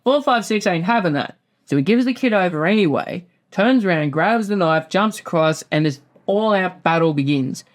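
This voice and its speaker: A man's voice: high-pitched, lively intonation, normal speed. A man hosting a casual show, rambling through a profane recap and acting out quotes in passing. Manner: rambling, swears often, acts out quotes. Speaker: podcast host.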